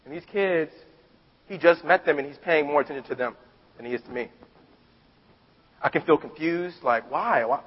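A man preaching a sermon in a conversational, animated storytelling way, stumbling and restarting often. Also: fairly high pitch, normal speed, pauses often, husky. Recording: dull recording with long hall reverb.

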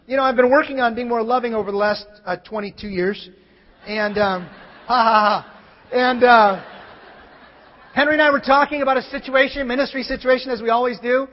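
Male pastor, very high voice, sermon delivery moving from loud scripture to soft confession. Dull, muffled recording. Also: a little fast. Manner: swings from shouted scripture to quiet personal confession. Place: church sanctuary. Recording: muffled sound in a large reverberant hall.

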